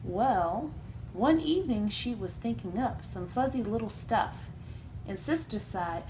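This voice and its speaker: A woman's voice: a little high, expressive, measured pace, warm tone, slight background noise. A young woman reading a rhyming children's book aloud in a sing-song way. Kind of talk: storybook read-aloud.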